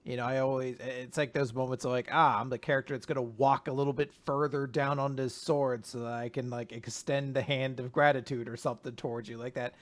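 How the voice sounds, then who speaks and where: Dude with a middle-pitched voice gushing about a chapter, lots of likes and uhs. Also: male voice, fairly even intonation, brisk, hardly any pauses. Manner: enthusiastic, rambling with lots of fillers. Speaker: podcast co-host. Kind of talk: casual discussion.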